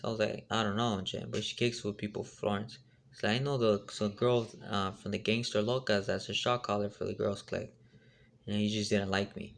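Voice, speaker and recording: Young guy rambling thru a story, low gravelly voice, lots of slang and fillers, faint hiss behind. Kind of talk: casual storytelling.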